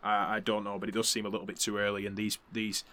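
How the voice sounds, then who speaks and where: A man's voice: fairly low pitch, monotone, fast, pushed and bright. A man hosting a podcast, recapping events in a chatty, laughing way and swearing freely. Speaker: podcast host. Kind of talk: casual recap commentary.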